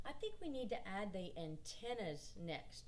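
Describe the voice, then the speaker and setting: A woman's voice: mid-range voice, very animated, a little hiss or hum. A woman with a Southern US accent, leading a kindergarten drawing lesson as an art teacher, patient and encouraging. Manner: patient, encouraging, speaks slowly to small children.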